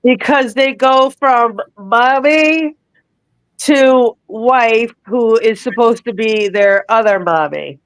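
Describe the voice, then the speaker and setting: A plainspoken woman sits in on a panel and answers in short, firm lines. Her voice is a little high and recorded dry and close. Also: takes it slowly, clean tone, dry recording, poor audio. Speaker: panel guest. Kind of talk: casual panel chat.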